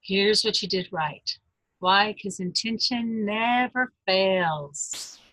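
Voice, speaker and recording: Bright-voiced woman coaching gently. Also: mid-range voice, slow, rough recording. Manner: gentle, earnest, speaks straight to the listener. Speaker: life coach. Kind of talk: coaching webinar talk.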